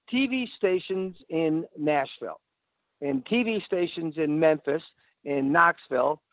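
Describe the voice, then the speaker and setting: A man talks through a phone line that sounds thin and dry. His voice is gravelly and sits a little high. He rambles in an animated way as a radio guest, acting out little phone calls as he goes. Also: no echo. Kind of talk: casual advice talk.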